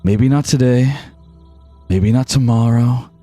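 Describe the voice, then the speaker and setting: A man voicing a grim male knight who makes slow, quiet threats. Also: mid-range voice, soft background music, natural voice. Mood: vengeful.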